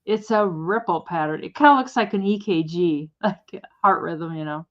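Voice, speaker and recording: A woman's voice: fairly low pitch, normal speed. Rambling woman co-host, muffled sound. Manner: friendly, rambling, chuckling. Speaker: live sale co-host. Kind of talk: casual selling chat.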